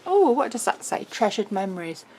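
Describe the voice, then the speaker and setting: A woman's voice: mid-range voice, sing-song, darkish tone, breathy edge. A middle-aged woman, presenting a craft album in a casual, bubbly walkthrough. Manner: chatty, bubbly, quick laughs.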